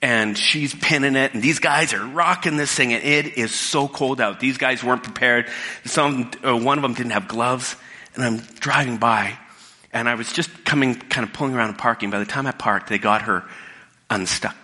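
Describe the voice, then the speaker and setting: Preaching at a moderate pace, a middle-aged pastor uses a bright, forceful voice of medium pitch. His sermon unfolds casually like a story with many restarted sentences, recorded in a church hall with long reverb.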